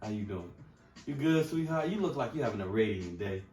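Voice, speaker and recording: A man putting on the voice of a smooth-talking, charming grown man in low, smooth sweet-talk. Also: expressive, brisk, darkish tone, faint music behind, lightly acted. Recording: roomy, distant mic.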